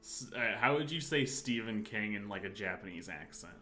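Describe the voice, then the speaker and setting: A young man joking his way through a video game, with a wry, easygoing tone. Music plays clearly underneath his voice. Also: fairly low pitch, lively intonation, normal speed, bright, forceful tone. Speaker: let's play commentator. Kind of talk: casual gaming commentary.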